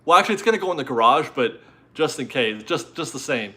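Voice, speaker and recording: A man's voice: medium pitch, animated, fast, bright, forceful tone. This is a chatty, rambling man hosting a casual live stream from home. He reads out viewer messages and is easily amused.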